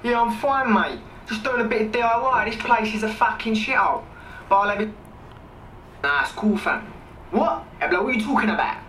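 Man doing a crude young lad, high and cocky, over noisy, far-off room playback. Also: brisk, sharp tone. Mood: brash. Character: brash swearing young man on the phone. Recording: video played on room speakers, echoey and distant with noise.

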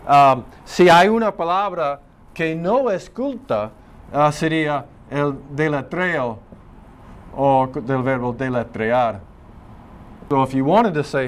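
Male language teacher, slightly high voice, lecturing and explaining to a class. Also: animated, measured pace, a little hiss or hum. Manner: explanatory, switches between Spanish and English.

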